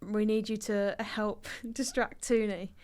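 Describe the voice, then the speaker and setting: A woman's voice: medium pitch, fairly even intonation, unhurried, darkish tone. A woman co-hosting a casual podcast chat who laughs often while telling a story. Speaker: co-host, footballer.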